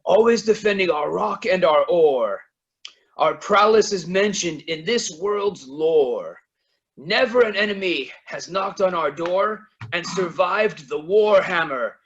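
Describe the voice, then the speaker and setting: A man's voice: high-pitched, animated, slow pace, a bit bright, lo-fi sound, pitched above the performer's own voice, heavily acted. A man voicing a rowdy dwarf clan chanting a war hymn in a harsh, non-musical voice. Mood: boisterous chant.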